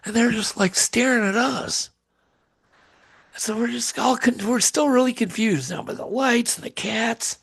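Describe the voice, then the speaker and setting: Gravelly, husky man telling a story. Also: extremely high pitch, measured pace. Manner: animated storyteller, acts out quotes. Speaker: guest. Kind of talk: storytelling in a podcast interview.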